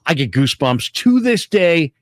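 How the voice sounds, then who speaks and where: Excited sports radio host, dry studio sound. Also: male voice, on the high side, normal speed, no room sound. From San Francisco. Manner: enthusiastic storyteller, repeats names for emphasis. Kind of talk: casual sports radio talk.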